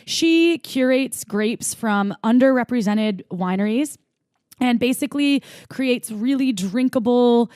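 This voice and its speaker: A woman's voice: on the high side, slow pace, a little mellow, no echo, studio quality. A woman co-hosting a podcast in casual, jokey chat with frequent laughter. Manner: giggly, jokey, chatty. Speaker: podcast co-host.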